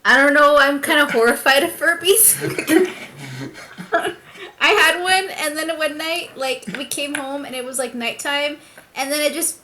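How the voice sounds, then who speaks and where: A woman's voice: high-pitched, unhurried, bright, forceful tone, a little hiss or hum. A woman playing in a tabletop game, chatting and giggling animatedly. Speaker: player. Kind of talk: casual tabletop play online.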